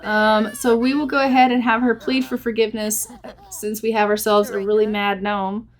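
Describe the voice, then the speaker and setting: A woman giving casual, chatty let's-play commentary, giggling and voicing her characters' thoughts in quick asides. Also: mid-range voice, little pitch movement. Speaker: gameplay narrator.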